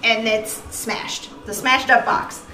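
A woman co-hosting a podcast, chatting and recapping a movie in an animated way, swearing freely. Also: a little high, slow pace, roomy sound, low-quality recording. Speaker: podcast co-host. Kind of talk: casual movie recap chat.

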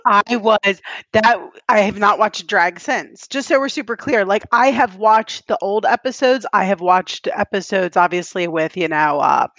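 A woman's voice: mid-range voice, a little slow, fairly bright tone, no echo. A woman co-hosting a casual podcast, chatty and giggly, with lots of filler words. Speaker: podcast co-host. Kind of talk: casual chat.

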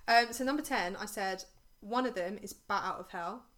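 A woman's voice: medium pitch, normal speed, fairly bright tone. A young woman as a podcast guest, chatting enthusiastically. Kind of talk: casual chat.

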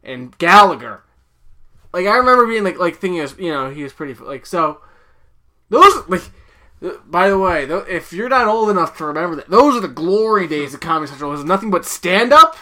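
A man's voice: high-pitched, big pitch swings, brisk, bright, forceful tone. A man in his thirties co-hosting a casual movie chat, rambling with lots of "like" and some swearing. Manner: rambling, heavy on "like", swears, acts out quotes. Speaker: podcast co-host.

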